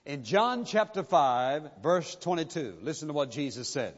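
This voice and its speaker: A pastor preaching a sermon in a church, insistent and emphatic, driving points home with repetition. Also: male voice, a little high, sing-song, normal speed. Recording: dull muffled recording with long hall reverb.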